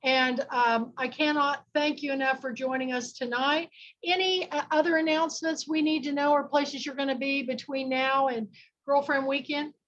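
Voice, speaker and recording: A woman's voice: high-pitched, steady tone, moderate pace, a bit bright, lo-fi sound, a little hiss or hum. A woman from Kansas hosting an online book club, chatting and making rambling announcements over a video call.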